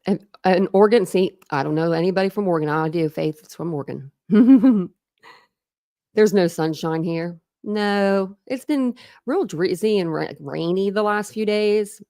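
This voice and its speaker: A woman's voice: medium pitch, moderate pace, mellow, dry recording, clean studio sound. A young woman hosting a true crime livestream, chatting casually in an Ohio accent with a Philadelphia tinge, laughing often and correcting herself. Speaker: true crime channel host.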